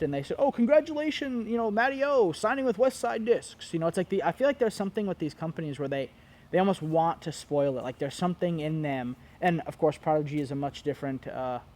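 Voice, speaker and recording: A man's voice: fairly high pitch, a little mellow. A man talking casually to camera, giving his opinions in a rambling way, full of fillers and restarts. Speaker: disc golf commentator and brand owner.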